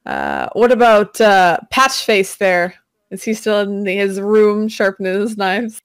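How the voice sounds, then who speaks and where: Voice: mid-range voice, sing-song, unhurried, clean tone, dry recording. A game master casually narrating a tabletop pirate battle for players. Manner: casual, describing action with fillers.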